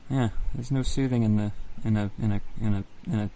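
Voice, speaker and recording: A man's voice: on the low side, fairly even intonation, brisk, dark tone, slight background noise. A young man co-hosting a podcast, talking in a rambling, joking way with many restarts. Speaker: podcast co-host. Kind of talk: casual chat.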